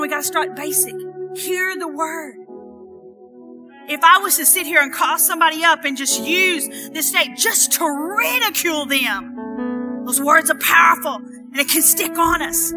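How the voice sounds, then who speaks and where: A woman preaching a sermon at a church service. She repeats phrases for emphasis and swings from hushed, soft lines to loud, emphatic preaching. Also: high voice, animated, measured pace, music in the background.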